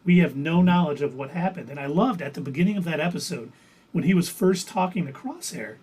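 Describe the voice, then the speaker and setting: A man's voice: fairly high pitch, brisk, a little mellow, breathy edge, rough recording. A man co-hosting a casual fan review chat, wry and joking. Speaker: podcast co-host.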